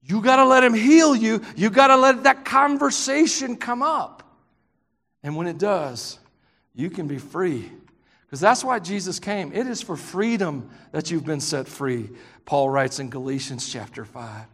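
A man preaching with a Southern US accent, his voice pitched unusually high for a man. He tells stories animatedly, slips in jokes and suddenly breaks into shouts. The sound rings out with the long reverb of a large church hall. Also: normal speed. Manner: animated, joking storyteller who bursts into shouts. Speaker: pastor. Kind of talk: sermon.

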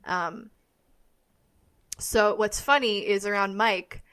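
A woman's voice: mid-range voice, steady tone, takes it slowly, a bit bright, dry recording. Woman cohost rambling, says like a lot, very dry close mic. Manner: rambling, lots of "like". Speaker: podcast co-host. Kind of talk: casual chat.

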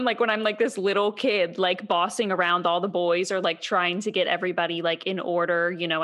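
A woman's voice: lowish voice, a bit bright. A woman hosting a podcast in casual chat, laughing often and swearing. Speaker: podcast host.

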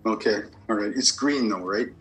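A man's voice: fairly low pitch, normal speed, fairly bright tone, faint music behind, rough recording. A man working as a medium and giving a spirit reading. He asks a string of short yes-or-no questions and answers each reply with "okay, perfect.".

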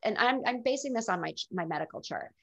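Candid middle-aged woman, gravelly voice. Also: fairly high pitch, animated, quick pace, a bit bright. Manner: candid, reflective. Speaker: guest telling her illness story. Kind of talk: casual interview storytelling. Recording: dull lo-fi recording.

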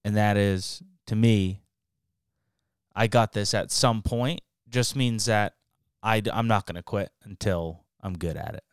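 A man co-hosting a podcast, relaxed and agreeable, talking in casual slang. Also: on the low side, unhurried, smooth, dry recording, clean studio sound. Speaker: podcast co-host.

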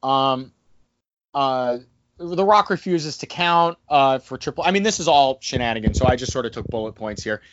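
A man co-hosting a casual wrestling recap podcast, talking animatedly and slipping into excited impressions now and then. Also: mid-range voice, normal speed, no echo, muffled recording. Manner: animated, breaks into excited mimicry. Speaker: podcast co-host.

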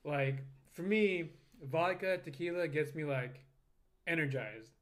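A man's voice: fairly high pitch, slow. Laughing, joking young-sounding man. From United States. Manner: laughs often, loose and joking. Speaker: podcast co-host. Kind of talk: casual chat.

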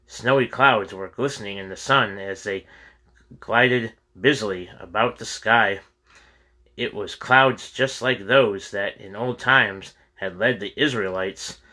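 Man, audiobook reader, low pitch, bright tone, memoir read aloud, plain delivery, corrects his own slips. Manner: plain reading with occasional slips and self-corrections.

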